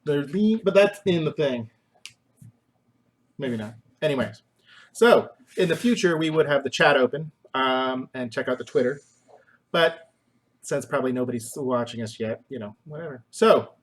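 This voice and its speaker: A man with a mid-range voice speaks at normal speed while hosting a casual live stream in his home kitchen. The chat is goofy and rambling, full of self-mockery and joke singing.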